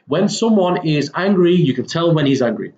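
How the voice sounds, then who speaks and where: An English teacher casually talks students through a recorded textbook lesson, full of fillers and self-corrections. His voice sits on the high side, expressive and a little mellow, at a moderate pace, though the recording is muffled.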